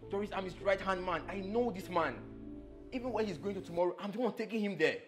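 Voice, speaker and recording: A man's voice: high-pitched, expressive, fast. A man with a Nigerian accent playing a desperate, worried young man who urgently begs a woman to stop. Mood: pleading. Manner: urgent, begging, repeating her name. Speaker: boss's right-hand man. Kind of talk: film drama acting. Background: music.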